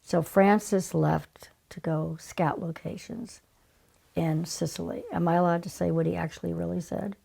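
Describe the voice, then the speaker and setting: Brief: older woman in her 70s, deep gravelly voice, lively anecdotes with hushed asides. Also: normal speed. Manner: lively, dropping into breathy whispered asides. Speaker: casting director. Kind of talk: anecdotal interview storytelling.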